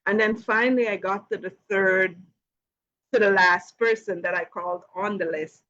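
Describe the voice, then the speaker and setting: A woman's voice: mid-range voice, steady tone, normal speed, fairly bright tone, lo-fi sound, slight background noise. A woman hosting a live question-and-answer session, telling a personal story casually with many "you know" fillers and light laughs. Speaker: host of a live Q and A.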